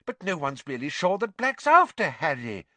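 A man's voice: on the high side, huge pitch swings, normal speed, pushed and bright, no echo, pitched above the performer's own voice, exaggerated voice. A man voicing an anxious, protective middle-aged mother in an audiobook reading, pleading and exasperated.

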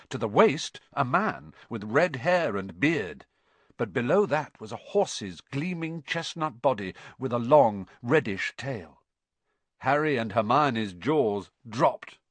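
A man narrating a children's fantasy novel as scripted storybook narration, with an expressive, dramatic reading. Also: mid-range voice, no echo. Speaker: audiobook narrator.

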